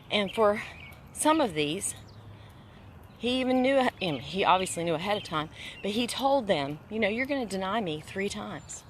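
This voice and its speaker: In a fairly low voice with slight background noise, a woman host recounts her personal faith testimony conversationally. Her tone is earnest and preaching, emphatic, with phrases repeated for weight.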